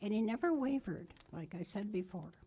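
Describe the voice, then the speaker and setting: A woman's voice: medium pitch, expressive, moderate pace, warm tone, husky. Older lady telling family stories at a memorial, voice rises and dips a lot, keeps fixing her own words. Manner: rambling and anecdotal, correcting herself as she goes. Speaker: family member giving a memorial tribute. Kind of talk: memorial storytelling speech.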